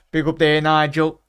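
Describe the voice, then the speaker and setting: A man's voice: on the high side, a bit bright, clear, resonant tone, dry recording, clean studio sound. A man hosting a football watchalong livestream, chatting casually and greeting viewers by name with "big up" and "mate". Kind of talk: casual live chat reading comments.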